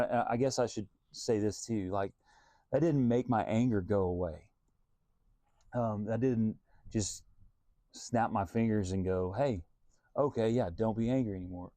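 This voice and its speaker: A man's voice: on the low side, mellow, no room sound. A man, a Christian singer-songwriter, giving an earnest, reflective devotional talk and thinking aloud as he goes.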